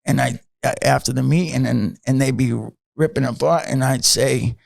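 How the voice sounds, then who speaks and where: A man in his fifties, guest on a podcast, winds through a personal story full of "and, uh" and blunt curses. His voice is heavily gravelly, the sound close and dry. His pitch sits mid-range for a man. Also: fairly even intonation, moderate pace, no echo. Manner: rambling, many "and, uh" fillers, blunt profanity. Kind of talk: casual storytelling.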